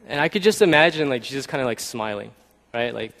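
A man preaching a sermon as pastor, talking in a conversational way and often checking in with the listeners with a quick "right?". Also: mid-range voice, creaky, a bit bright, big-room sound. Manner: conversational, keeps asking "right?".

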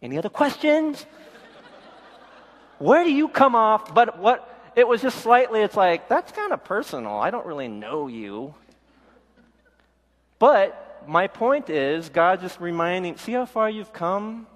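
A man's voice: sits high, very animated, measured pace, in a large hall. A middle-aged male pastor giving a sermon with a candid personal testimony, acting out the voices of people he quotes. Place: church.

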